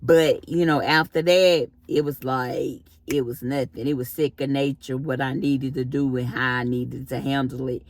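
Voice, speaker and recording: Expressive woman telling a story. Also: a bass voice, normal speed, few pauses, no room sound. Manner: animated, expressive storyteller with casual slang. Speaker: vlogger. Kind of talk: storytime monologue.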